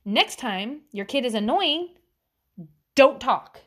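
A woman in her thirties talks casually and bluntly about raising kids, swearing freely and breaking into the voices of people she quotes. Her voice sits a little high. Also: slow. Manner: blunt, profane, animated quoting. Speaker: parent giving advice. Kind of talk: casual monologue.

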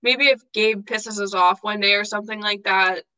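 A woman's voice: medium pitch, fairly even intonation, normal speed, sharp tone, clean tone, no room sound, poor audio. A young woman co-hosting a podcast, chatting casually with a friend, giggly and full of fillers. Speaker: podcast co-host. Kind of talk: casual chat.

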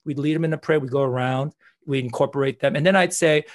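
A man's voice: mid-range voice, fast. A man, a guest in an interview, telling a personal story earnestly, with frequent restarts.

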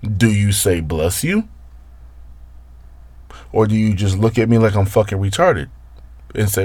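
A man's voice: expressive, unhurried, long pauses, darkish tone, no room sound. Profane, exasperated man ranting to camera. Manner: profane, exasperated storytelling with big swings in pitch. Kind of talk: casual rant to camera.

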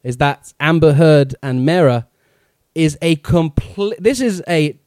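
A man co-hosting a casual film review chat, enthusiastic and quick to laugh. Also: a little high, expressive, a little mellow, clear, resonant tone, dry recording. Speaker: podcast co-host.

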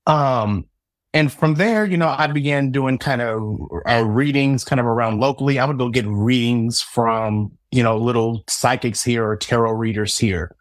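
A man's voice: medium pitch, moderate pace, no echo, clean studio sound. A man in his thirties from Southern Indiana, a guest telling his story as a psychic reader, acting out the dialogue with self-mocking humor. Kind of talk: storytelling in casual interview.

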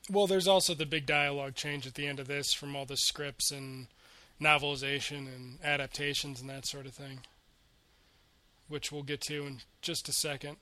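A man's voice: fairly high pitch, flat delivery, normal speed, pushed and bright, dry recording. A man co-hosting a casual film commentary who adds brief interjections and wry asides.

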